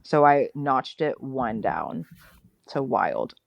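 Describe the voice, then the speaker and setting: A woman's voice: a bass voice, very animated, gravelly, dry recording. Chatty young woman, dry close sound. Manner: upbeat, chatty, quick to laugh at herself. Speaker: guest. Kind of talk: casual interview chat.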